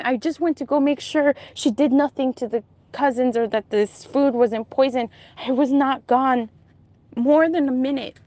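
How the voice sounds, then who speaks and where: A woman's voice: high voice, moderate pace, dark tone, no echo. A young woman telling a vivid dream in an intense, emotional, breathless way. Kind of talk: casual storytelling, recounting a dream.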